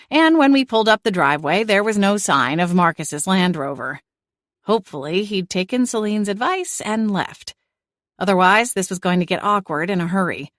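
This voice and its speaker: A woman's voice: on the low side, fairly bright tone, dry recording, studio quality. A woman narrating a cozy mystery audiobook in first person with wry storytelling.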